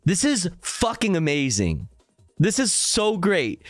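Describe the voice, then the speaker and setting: High-voiced, slow-talking young man streamer. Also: wildly swooping pitch, no echo, soft background music. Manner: laughing, incredulous, swearing, reading out headlines and comments. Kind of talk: live stream commentary.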